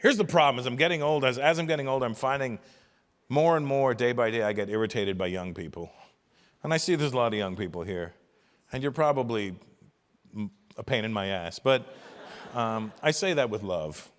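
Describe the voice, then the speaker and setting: A man's voice: mid-range voice, animated, a little fast. A man in his fifties doing stand-up comedy on a stage mic in a large venue, ranting in an exasperated, profane way. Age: 50s. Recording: live hall reverb.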